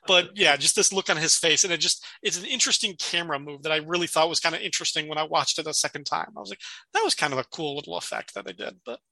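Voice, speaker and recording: A man hosting a podcast, chatty and loose, laughing often as he acts out quotes. His voice is very bright and a little high, and the sound is dry and close. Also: fast, no echo. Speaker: podcast host. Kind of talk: casual chat.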